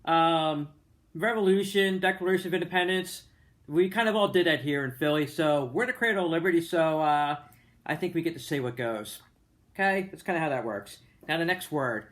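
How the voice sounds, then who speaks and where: A man's voice: fairly high pitch, normal speed, fairly bright tone. A man with a Delco Philadelphia-area accent, talking to camera in a chatty, rambling way with lots of fillers and jokey asides. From Delaware County, Pennsylvania. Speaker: vlogger. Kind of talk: casual explanatory monologue.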